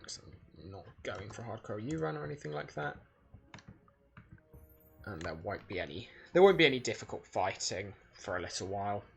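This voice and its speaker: A man's voice: lowish voice, vocal fry, fairly bright tone. A man giving casual speedrun commentary while playing, rambling and correcting himself as he thinks aloud. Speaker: gaming video creator.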